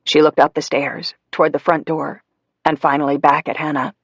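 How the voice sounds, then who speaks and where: A man's voice: on the high side, little pitch movement, moderate pace, vocal fry, fairly bright tone, no echo. A man narrating a psychological thriller audiobook with tense storytelling. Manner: tense storytelling, rising on the child's thoughts.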